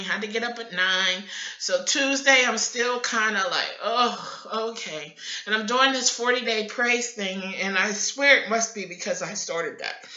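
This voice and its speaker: Bright-voiced woman sharing openly. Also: mid-range voice. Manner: open, confessional, animated storytelling. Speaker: host of a faith broadcast. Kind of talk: candid personal sharing. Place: at home in front of her computer. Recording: echoey room, muffled lo-fi audio.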